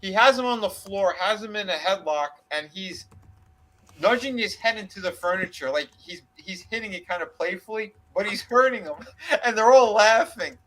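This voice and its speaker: Animated man retelling a wild story. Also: high voice, normal speed, low-quality recording. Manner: animated retelling with acted quotes and laughter, swearing freely. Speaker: podcast co-host. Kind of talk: casual storytelling chat.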